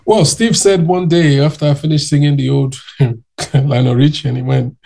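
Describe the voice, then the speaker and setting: Brief: male interview guest, lively storyteller, gravelly and mellow, voice sits a bit high. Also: moderate pace. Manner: animated, acts out quoted people's voices. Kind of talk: casual anecdotal storytelling.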